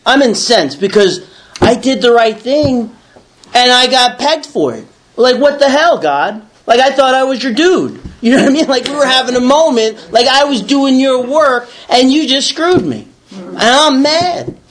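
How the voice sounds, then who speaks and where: High-pitched man; lively first-person storyteller who acts out his own rants. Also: measured pace. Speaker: recovery speaker.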